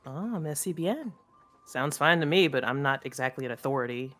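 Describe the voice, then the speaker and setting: A man's voice: on the high side, animated, moderate pace, bright, forceful tone. An actor playing a friendly young male stagehand who chats eagerly and casually.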